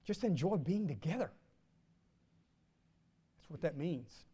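Brief: high-pitched male pastor, sermon delivery, stretches key words, pauses for the congregation to fill in answers. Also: animated, dark tone, husky. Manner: calls out questions for the congregation to answer; draws out key words slowly for emphasis.

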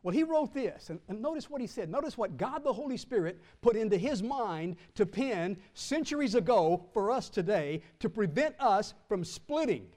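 Brief: high-pitched male pastor, sermon delivery, stretches key words, pauses for the congregation to fill in answers. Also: sing-song, a little mellow. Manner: calls out questions for the congregation to answer; draws out key words slowly for emphasis.

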